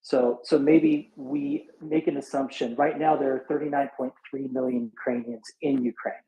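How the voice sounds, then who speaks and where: A man with a gravelly, dark voice works through figures aloud in a relaxed, halting way, pausing and restarting often. He sounds tired after a sleepless night. The recording has a roomy echo around him. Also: on the high side, dull audio. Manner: halting, thinks aloud with many fillers and restarts. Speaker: speaker in a live audio chat room. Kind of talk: casual back-of-envelope reasoning. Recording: echoey room.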